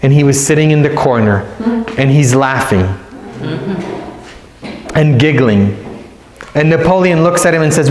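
Man, priest, retreat sermon, fairly high voice, long echo of a large church. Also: animated, unhurried, pauses often, darkish tone. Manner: storytelling, repeats phrases for emphasis. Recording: echoey church hall.

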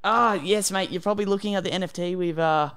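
A man voicing a chummy, rushed male salesman during a prank call. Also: sits high, steady tone, fairly bright tone, clean tone.

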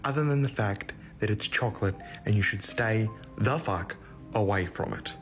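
A man's voice: on the low side, moderate pace, a bit bright, faint music behind. A man with an Australian accent lecturing bluntly and crudely about food in a social-media clip. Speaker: TikTok health lecturer. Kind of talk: preachy social-media monologue.

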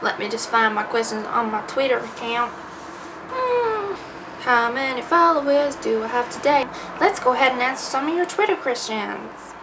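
Very animated at a normal speed, this English YouTuber in her twenties, around twenty, has a fairly high pitch. Chatty, sarcastic, and self-deprecating, she answers viewer questions in a casual vlog Q&A, heard through a distant mic over background noise.

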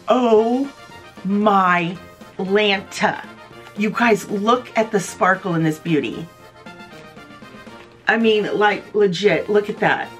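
A woman's voice: medium pitch, takes it slowly, pauses often, fairly bright tone, faint music behind. Bubbly woman vlogger gushing to viewers. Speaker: vlog host. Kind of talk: casual product show-and-tell vlog.

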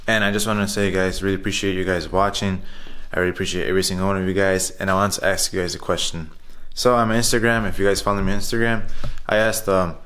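A man's voice: low-pitched, flat delivery, fast, hardly any pauses, a bit bright. A man narrating his workout footage as a casual vlog voiceover, chatty and repetitive, often calling out to his viewers. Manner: loose, repetitive, chatty, says "guys" often. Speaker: fitness vlogger.

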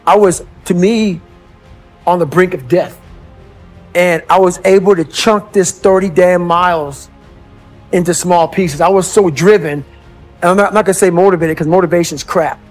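Intense, blunt man over soft music. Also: moderate pace. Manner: blunt and forceful, swings between low brooding and loud fired-up bursts. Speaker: motivational speaker. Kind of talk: intense motivational talk. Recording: compilation of clips with music underneath. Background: motivational background music.

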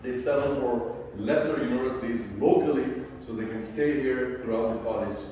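A man giving a parenting class as an imam, speaking in an animated way. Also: medium pitch, normal speed. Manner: animated, acts out quoted family members. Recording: echoey hall from far off.

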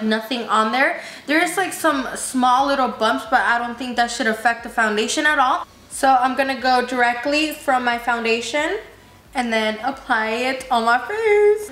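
A woman's voice: high-pitched, fairly bright tone. A young woman with a slight lisp from braces, gushing to her viewers as she tests a makeup tool in a casual vlog. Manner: bubbly, gushing, addresses viewers as you guys. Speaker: beauty vlogger. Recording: echoey room with faint noise.

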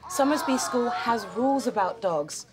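A woman playing a primary school teacher, speaking in a gentle, coaxing classroom tone in a children's series. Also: fairly high pitch, animated, moderate pace, lightly acted. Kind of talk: children's live-action series.

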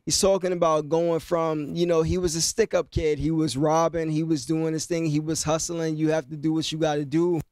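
A man's voice: fairly high pitch, level tone, normal speed, hardly any pauses, darkish tone, no echo. A man casually explaining rap lyrics, half-rapping the lines and then talking them through with lots of "you know what I mean.". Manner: loose, conversational, many fillers like "you know what I mean".

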